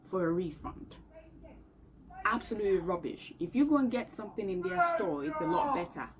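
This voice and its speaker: A woman's voice: mid-range voice, very animated, moderate pace. Exasperated woman ranting. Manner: exasperated, emphatic, repetitive. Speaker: vlogger. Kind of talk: complaint rant to camera. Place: home room, indoors. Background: faint outdoor street noise.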